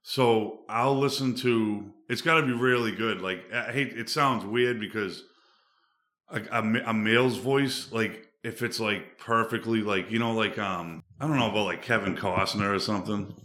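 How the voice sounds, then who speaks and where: Casual male podcast guest: low voice, rambling and relaxed, echoey room. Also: moderate pace. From Boston suburbs, USA. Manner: rambling, laid-back, many fillers. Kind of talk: casual chat. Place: studio. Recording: roomy echo.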